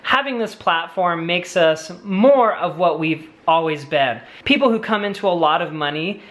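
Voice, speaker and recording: A man's voice: high-pitched, lively intonation, moderate pace, fairly bright tone. A young man co-hosting a family vlog Q&A, chatting eagerly with rambling asides and restarts. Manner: enthusiastic, rambling, lots of fillers and restarts. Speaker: vlogger co-host. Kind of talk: casual Q&A chat.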